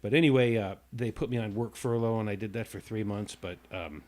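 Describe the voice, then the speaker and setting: A man's voice: on the low side, fairly quick, darkish tone. Rambling male radio host telling a story. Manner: rambling, stumbling restarts, acts out the voices in his story. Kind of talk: casual storytelling chat.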